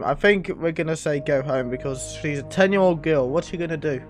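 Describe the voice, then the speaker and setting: A man's voice: on the high side, brisk, soft background music. A man doing let's play commentary, sarcastic and sweary, talking back to the game. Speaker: gaming channel host.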